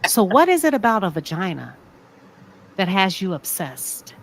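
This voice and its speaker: A woman's voice: mid-range voice, very animated, normal speed. A woman with a Southern American accent hosting a live talk show, asking pointed, sassy rhetorical questions. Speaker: show host.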